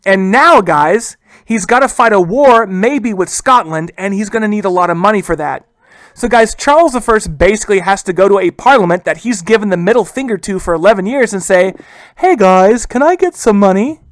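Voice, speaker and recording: A man's voice: high-pitched, fairly bright tone, no room sound. Casual man teaching history, dry sound. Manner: casual, keeps addressing listeners as guys; acts out historical figures in quick asides. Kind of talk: recorded history lecture.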